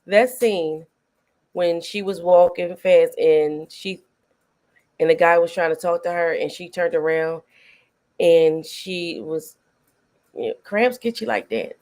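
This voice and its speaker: A middle-aged woman hosting a casual film review chat, retelling scenes with animated energy and frequent laughter. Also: fairly low pitch, slow, pauses often. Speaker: host.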